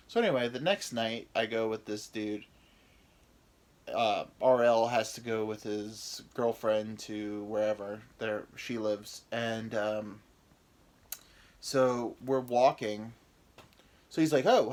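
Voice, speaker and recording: A man's voice: medium pitch, darkish tone. A young American man, a podcast host, telling a rambling, profane, self-mocking story in a casual comedic way. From United States.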